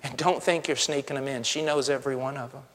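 A male pastor preaching a sermon with passion, dropping to a hush and then rising to a shout. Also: mid-range voice, steady tone, fast talker, big-room sound. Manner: impassioned, swings from hushed to shouting.

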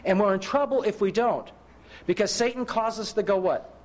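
High-voiced preacher telling stories. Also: male voice, normal speed. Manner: self-mocking humor, rhetorical questions to listeners. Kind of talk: sermon with personal stories.

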